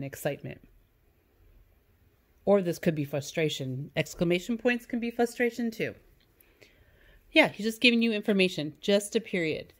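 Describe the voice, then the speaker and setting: A woman teacher giving a recorded lesson to young students, patient, reading example sentences in a sing-song way. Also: on the low side.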